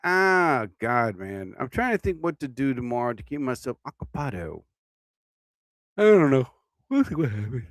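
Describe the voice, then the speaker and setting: A man's voice: medium pitch, very animated, moderate pace, no room sound. A tired man hosting his own livestream podcast, rambling casually and yawning as he talks. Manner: drowsy, yawning, meandering talk. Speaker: podcast host.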